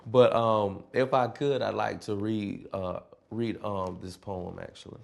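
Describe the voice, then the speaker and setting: A man who mentors and coaches students, telling stories about his work in an earnest, expressive way, laughing often and mimicking his students' voices. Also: fairly low pitch, takes it slowly, creaky. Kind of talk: personal storytelling interview.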